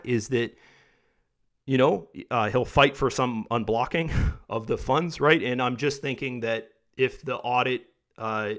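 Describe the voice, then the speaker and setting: A man talks straight to his viewers in a loose, rambling monologue, full of fillers, restarts and "right, guys" tags. His voice sits in an ordinary middle register and is starting to wear rough as he goes. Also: mid-range voice, a bit bright. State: losing his voice. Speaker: video host. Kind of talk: casual monologue to camera.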